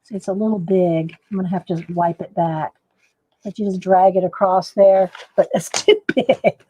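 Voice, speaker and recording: A woman's voice: lowish voice, normal speed, dark tone, rough recording. A woman chatting casually to viewers while painting in a live art demo. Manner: chatty, laughs often, talks to viewers.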